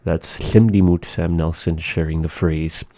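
A man hosting a radio language lesson, pronouncing phrases slowly and carefully. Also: sits low, steady tone, dark tone, dry recording. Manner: slow, careful pronunciation of phrases. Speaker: radio host teaching a language.

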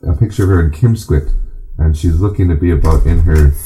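A man teaching a class, speaking in an unhurried way and pausing often with ums and uhs. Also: sits low, mellow. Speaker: language and culture teacher. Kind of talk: informal class talk.

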